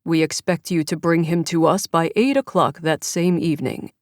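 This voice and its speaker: A woman's voice: lowish voice, normal speed, no room sound, studio quality, natural voice. A woman voicing a cold, emotionless kidnapper. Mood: demanding. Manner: flat, commanding, emotionless. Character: cold male kidnapper behind a mechanical voice. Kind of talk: audiobook character reading.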